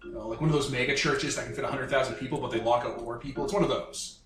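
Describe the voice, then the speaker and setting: Casual, joking game master who rambles; roomy, off-mic sound. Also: male voice, mid-range voice, steady tone, rapid-fire, over music. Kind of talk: narrating a tabletop game. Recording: echoey room, distant mic.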